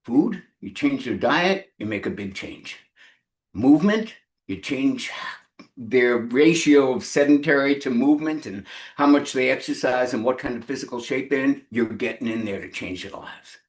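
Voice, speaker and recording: A man gives a commencement keynote on a live-stream in a conversational, animated way, dotted with fillers. His voice sits at an ordinary mid pitch. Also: moderate pace. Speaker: keynote speaker. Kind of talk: commencement speech. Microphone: live-stream microphone.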